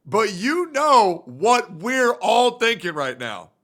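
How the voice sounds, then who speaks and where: A man streaming live, reacting loudly and swearing as he talks to his chat and works things out aloud. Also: high-pitched, big pitch swings, takes it slowly. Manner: loud, profane, thinks out loud and talks to chat. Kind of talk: casual livestream reaction.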